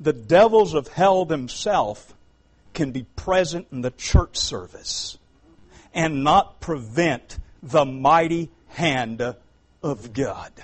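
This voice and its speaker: A man with a Southern US accent preaching a revival sermon, moving between quiet storytelling and loud, high-pitched preaching. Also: expressive, slow, breathy edge, low-quality recording.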